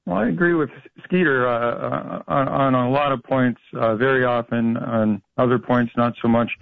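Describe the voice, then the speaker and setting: A man's voice: mid-range voice, steady tone, normal speed, creaky, dry recording. A man from Florida phones in with wry jokes, full of uhs and restarts. His voice comes through a thin, dry phone line. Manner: joking, hesitant with fillers. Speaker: caller. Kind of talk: call-in radio chat.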